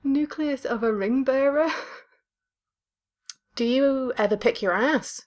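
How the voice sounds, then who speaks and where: A woman's voice: high voice, slow, a little mellow. Crude, teasing woman YouTuber. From northern England. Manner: crude, teasing, laughs often. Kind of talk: casual game commentary.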